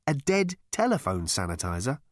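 A man's voice: medium pitch, huge pitch swings, normal speed, no room sound, studio quality. Arthur, as a man plays him, a plaintive, bewildered everyman. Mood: baffled. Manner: plaintive, baffled questions. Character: bewildered, put-upon ordinary Englishman.

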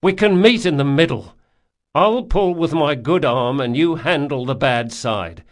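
A man's voice: fairly high pitch, expressive, measured pace, pitched above the performer's own voice. A man voicing an irritable, wounded young male thief who talks sarcastically and petulantly. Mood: sarcastic, irritable.

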